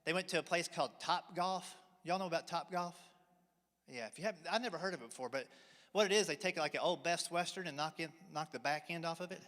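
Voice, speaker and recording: Forties male stand-up, folksy drawling storyteller, pitched a touch high, big reverberant hall. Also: quick pace, fairly bright tone. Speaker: stand-up comedian. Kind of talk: stand-up routine. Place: church hall, live audience.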